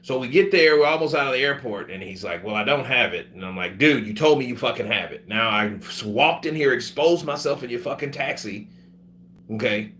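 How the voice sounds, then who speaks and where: A sick man casually telling a profane, animated story about his travels, acting out the other people's voices as he goes. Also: mid-range voice, brisk, slight background noise. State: sick with covid.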